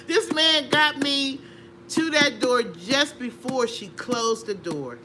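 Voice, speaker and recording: A middle-aged woman, an interview guest, telling a personal story with animated energy, laughing and acting out voices. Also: sits high, very slow, crowd noise. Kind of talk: conversational storytelling.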